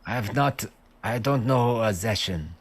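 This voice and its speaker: A man's voice: mid-range voice, lively intonation, measured pace, slightly rough. A man doing a stammering captured guard. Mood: nervous, evasive. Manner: stammering, hesitant, evasive. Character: nervous captured male cultist guard. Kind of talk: tabletop role-play voice.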